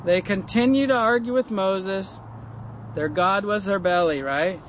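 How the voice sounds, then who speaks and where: A man with a high voice giving a loose, conversational Bible lesson, often asking the listener rhetorical questions. The audio is dull and lo-fi, with a faint hum of cars and street noise behind him. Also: unhurried. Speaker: Bible teacher. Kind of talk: informal Bible study talk.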